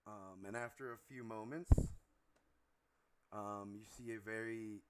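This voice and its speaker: Give me a relaxed man as game master, narrating over clear background noise. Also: fairly low pitch, a little slow, low-quality recording. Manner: relaxed, descriptive, with frequent ums.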